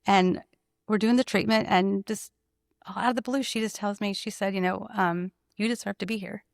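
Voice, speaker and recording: Expressive salon owner with gravelly voice. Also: female voice, mid-range voice, normal speed, dry recording, studio quality. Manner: emotional, animated, laughs often. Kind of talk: conversational storytelling.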